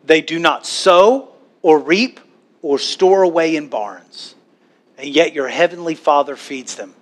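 A man preaching a sermon to a church congregation, animated, now and then acting out worried voices. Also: a little high, measured pace. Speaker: pastor.

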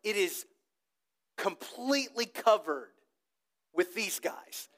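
High-voiced animated man preaching. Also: slow. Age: adult with a child old enough to talk. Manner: animated storytelling, asks the congregation to repeat words. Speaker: pastor. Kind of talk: sermon.

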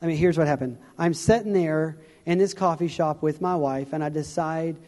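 This man's voice sits on the high side, a little mellow, at a moderate pace, as he shares his testimony as a traveling evangelist on stage. The sermon is sincere and casual, full of restarts and chuckles, with long reverb from the hall.

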